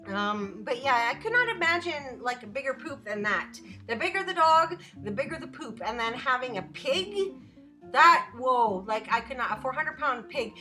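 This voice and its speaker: A young woman talks casually to her live stream viewers from home, rambling from one thing to the next and giggling often. Her voice is high and bright, with a light tune playing faintly behind her. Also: big pitch swings, moderate pace, soft background music.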